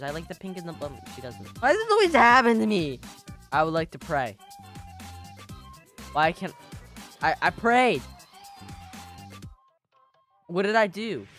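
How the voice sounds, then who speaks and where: Goofy gamer lady, lively swoopy voice, yelps a lot, soft music in the back. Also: medium pitch. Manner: excitable, jokey, yelps and laughs. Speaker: gaming YouTuber. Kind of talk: playful gameplay commentary.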